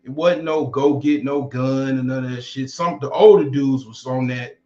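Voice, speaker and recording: Here a forties-aged male vlogger swears his way through casual, meandering anecdotes. His mid-range voice has a dark tone, fairly even intonation and a moderate pace, captured in a roomy, slightly dull recording.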